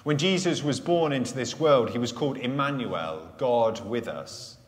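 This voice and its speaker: A man preaching a live sermon at a Sunday church gathering, earnest, letting key phrases fall soft and low. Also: expressive. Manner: earnest, slows and drops softly on key phrases. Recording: echoey church hall sound.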